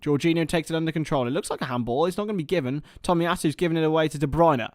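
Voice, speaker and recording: A young British man hosting a live football watchalong, mixing excitable play-by-play with rambling banter. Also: fairly high pitch, racing, no echo, studio quality. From Britain. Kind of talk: casual live match commentary and chat.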